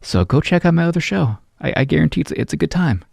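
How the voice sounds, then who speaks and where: A man's voice: a little high, very animated, fast, vocal fry, darkish tone, no echo. A man hosting a podcast, chatting casually to his listeners with self-deprecating asides. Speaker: podcast host. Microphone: computer setup.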